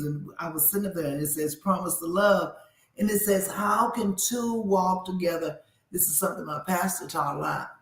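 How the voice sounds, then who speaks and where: A man's voice: sits high, reverberant, poor audio. A man hosting a faith-based radio show, talking casually and preaching straight to his listeners about kindness.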